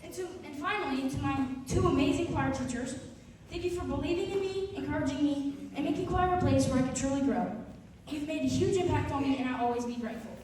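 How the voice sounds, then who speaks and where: Teen girl reading a speech, nervous and heartfelt, high voice, echoey hall, far from the mic. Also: fast talker, background noise. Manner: nervous, heartfelt, near tears. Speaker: choir student giving a speech. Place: large echoey concert hall.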